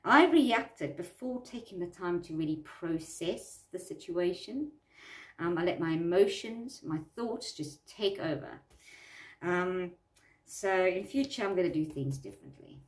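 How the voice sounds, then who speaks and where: A woman with a fairly low voice talks earnestly through self-help steps and often repeats her phrases for emphasis. She sits a little back from the mic in an echoey room. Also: animated, unhurried, distant mic. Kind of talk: talking through a worksheet.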